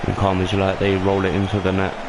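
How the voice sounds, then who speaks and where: A young man doing excitable play-by-play football commentary over a video game he is playing. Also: fast, very noisy. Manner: excitable play-by-play, rising in pitch on big moments. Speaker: gaming YouTuber.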